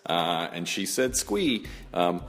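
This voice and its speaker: A man's voice: sits low, brisk, fairly bright tone, in a large hall. A man hosting a podcast, casually reading a sponsor ad and introducing his guest. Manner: casual, rambling with fillers. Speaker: podcast host.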